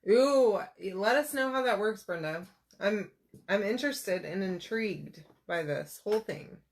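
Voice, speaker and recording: A woman's voice: medium pitch, lively intonation, a little slow. A woman in her thirties chatting casually while crafting, telling rambling personal stories with lots of fillers. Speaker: crafter vlogger.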